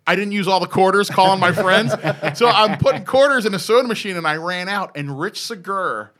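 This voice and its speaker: A man in his fifties telling an excitable, profane story in a casual podcast chat. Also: high-pitched, fairly quick. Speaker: former BMX rider telling a story.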